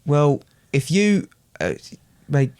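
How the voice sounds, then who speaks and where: A man's voice: a little high, big pitch swings, slow pace, a little mellow, clear, resonant tone, dry recording. A young man from Britain, co-hosting a podcast with his father, chatty and hesitant with lots of fillers. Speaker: podcast co-host, son. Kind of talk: joking banter.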